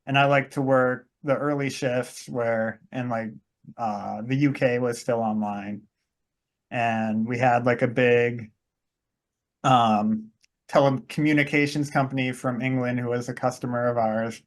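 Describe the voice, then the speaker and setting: A man co-hosting a podcast, telling a relaxed story with many fillers and frequent laughter. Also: medium pitch, a little slow. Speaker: podcast co-host. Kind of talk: casual chat.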